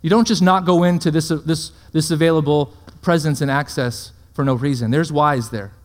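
High-voiced preacher in an echoing hall. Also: male voice, fairly even intonation, normal speed. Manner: rhetorical questions, checks in with listeners. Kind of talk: sermon. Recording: long hall reverb.

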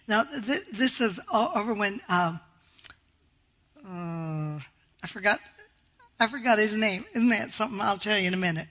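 Older woman preacher, bright forceful voice, fervent and call-and-response in her sermon delivery. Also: medium pitch, lively intonation, moderate pace, long pauses. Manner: fervent, exclaims hallelujah often, swings from loud to quiet.

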